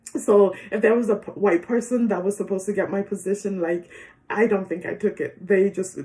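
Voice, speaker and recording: A young woman telling a personal story in a casual, chatty way, with many fillers and soft laughs. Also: fairly low pitch.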